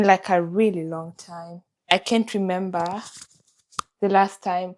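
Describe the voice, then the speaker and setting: A woman's voice: mid-range voice, darkish tone. A young woman, talking candidly and emotionally in a confessional vlog. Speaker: vlogger.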